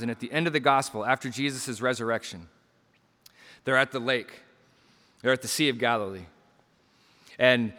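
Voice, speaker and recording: A man preaching a sermon with passion, surging to loud emphasis and dropping to quiet lines, acting out quoted voices as he tells stories. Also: medium pitch, big-room sound. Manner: impassioned, swings between loud emphasis and quiet drops; acts out quoted lines in storytelling asides.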